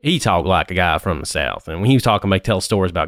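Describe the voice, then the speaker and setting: American man, rambling casual podcast chat, quick delivery, lowish voice. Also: fairly bright tone, no echo, studio quality. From Indiana, USA. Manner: rambling, full of fillers and restarts. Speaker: podcast co-host.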